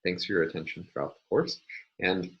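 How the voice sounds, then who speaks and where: A man lecturing, explaining step by step in a measured way with frequent fillers. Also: low-pitched, dull audio. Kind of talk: recorded university lecture.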